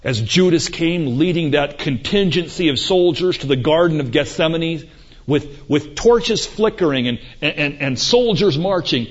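A man preaching a sermon emphatically, swinging between loud climaxes and quiet moments, with rhetorical questions. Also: fairly high pitch, lively intonation, measured pace. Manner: emphatic, rising and falling for effect, rhetorical questions. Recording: dull lo-fi recording.

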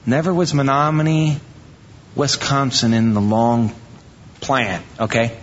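A pastor from Iowa giving a conversational, animated sermon to his church, acting out quoted voices now and then. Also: medium pitch, unhurried, slight background noise. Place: church sanctuary. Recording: dull reverberant church recording.

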